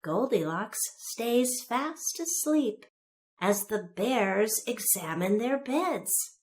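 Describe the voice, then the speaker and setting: Measured woman describing pictures. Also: a little high, animated, darkish tone.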